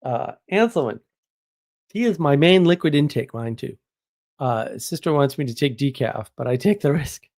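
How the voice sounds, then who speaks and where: A man's voice: a little high, expressive, moderate pace, darkish tone. A man from New England hosting a live stream, chatting casually, rambling and joking with exaggeration as he answers viewers. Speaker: live stream host reading chat.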